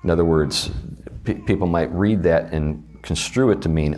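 A man's voice: low voice, moderate pace, darkish tone. A man with a Southern US accent teaching a church class on a confession of faith in a conversational way, asking his students questions. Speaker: Bible study teacher.

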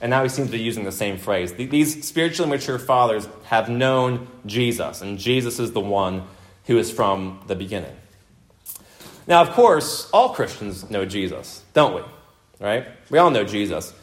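Here a pastor with a lowish voice and lively intonation preaches expository material at a moderate pace. He hammers his points through repetition and keeps turning to the congregation with questions, all in an emphatic manner.

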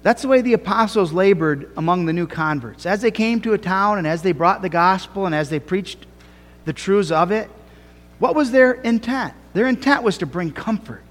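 Male pastor, high voice, fervent and deliberate sermon delivery, church reverb. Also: lively intonation. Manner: earnest preaching with slow, emphatic phrasing and rising cries. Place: church sanctuary. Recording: long reverb of a church hall.

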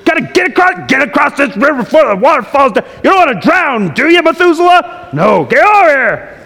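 A man's voice: extremely high pitch, big pitch swings, fairly quick, creaky, voice pushed up, exaggerated voice. A man playing a frantic ancient father who hurries his family across a river and bosses them along urgently. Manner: urgent, bossy shouting. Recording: long hall reverb.

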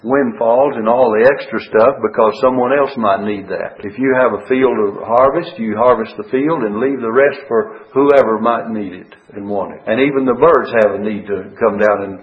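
Male preacher, mid-pitched, earnest, rhetorical, a bit halting; dull radio-broadcast sound. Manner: earnest, rhetorical questions, frequent uh fillers. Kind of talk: verse-by-verse Bible sermon.

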